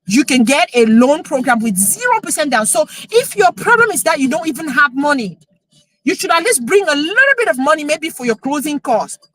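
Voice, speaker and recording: A woman, a real estate coach chatting emotionally on a live stream, excited as she talks. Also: high-pitched, brisk, no room sound, low-quality recording. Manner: excited, emotional, switching into French.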